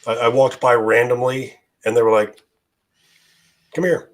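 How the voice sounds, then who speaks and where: A man, a guest in a casual chat, whose voice is going hoarse and who rambles with many fillers and restarts. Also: medium pitch, little pitch movement, normal speed. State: losing his voice.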